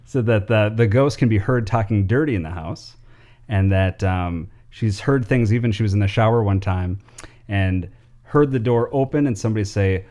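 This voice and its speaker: Low-voiced chatty man co-hosting. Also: normal speed, a little mellow. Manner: loose and chatty, laughs easily, lots of ums. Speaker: podcast co-host presenting segments. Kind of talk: casual chat.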